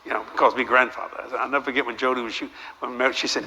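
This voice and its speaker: Talking very fast in a mid-range voice, an older man preaches to a live audience through humorous stories and a stream of rhetorical questions. His style is energetic and joking. Long hall reverb and faint background noise color the recording.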